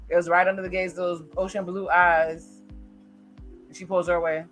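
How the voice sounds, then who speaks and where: A woman's voice: fairly low pitch, flat delivery, moderate pace, fairly bright tone, faint music behind. A woman giving chatty, casual reaction commentary on a TV episode as she watches it. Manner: chatty, reacts aloud while narrating scenes. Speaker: reaction video host.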